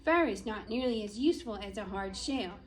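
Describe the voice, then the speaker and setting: A woman voicing a quick, jumpy male squirrel in a storybook reading, answering briskly and matter-of-factly. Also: mid-range voice, animated, slight background noise, pitched below the performer's own voice, close to an everyday voice.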